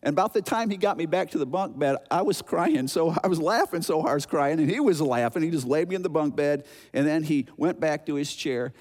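A man in his sixties from Chicago tells a sermon story with animated delivery, acting out the thumps and voices himself. His voice sits a little high for a man, with a long reverb tail from a large hall. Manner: animated, acts out noises and voices. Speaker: preacher.

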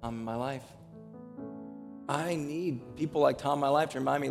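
A man's voice: medium pitch, fairly even intonation, moderate pace, vocal fry, long reverb tail, soft background music. A man preaching a sermon as pastor to his church, telling a story and rising into passionate, urgent preaching. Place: church sanctuary.

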